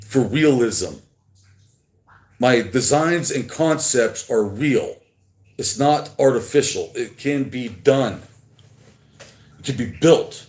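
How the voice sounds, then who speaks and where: A man drifts through a solo livestream, slow and meandering, stopping now and then to talk to his chat. His voice sits at an ordinary pitch. The room around him is echoey. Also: a little mellow.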